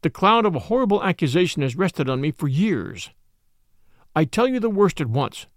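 A man reading the part of a haunted, weary middle-aged male medical assistant in a low, stern and resolute way, in a dramatic audiobook. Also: sing-song, normal speed, dry recording, studio quality. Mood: anguished.

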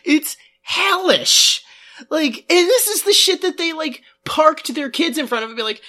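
A woman's voice: sits high, animated, unhurried, bright, forceful tone. A woman co-hosting a podcast, talking casually with lots of "like" fillers and sarcastic exasperation. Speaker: podcast co-host. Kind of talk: casual chat.

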